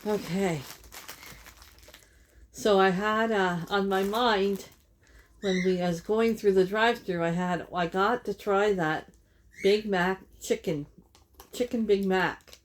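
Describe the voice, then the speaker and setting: Lady doing a mukbang, slow easygoing chat, laughs a lot, restarts her sentences. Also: medium pitch, fairly even intonation. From Canada. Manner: chatty, laughs often, corrects herself mid-sentence. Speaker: vlogger.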